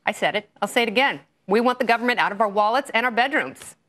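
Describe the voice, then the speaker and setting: A woman's voice: a little high, animated, fast talker, fairly bright tone. A woman hosting a TV panel show, flippant and joking as she moderates. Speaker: talk show host.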